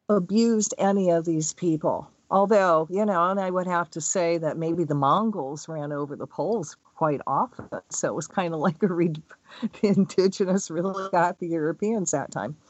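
A woman's voice: medium pitch, slightly rough, dry recording. Chatty woman giving a rambling spiritual talk. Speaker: spiritual energy healer. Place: Hawaii. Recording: dull, dry recording.

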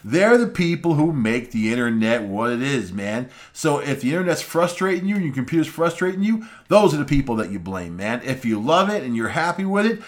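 A man's voice: mid-range voice, sing-song, a little fast, hardly any pauses. Male talk radio host, mid-range voice, folksy opinionated daily commentary. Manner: loose, folksy, says "man" a lot.

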